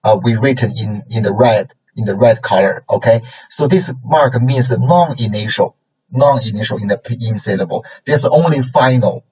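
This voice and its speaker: A man, lecturing a language class in a halting way, full of fillers and repeated phrases, often checking in with "okay?" and "right?". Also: mid-range voice, a little mellow, husky. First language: Chinese. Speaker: Chinese language teacher. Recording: distant mic, dull lo-fi sound.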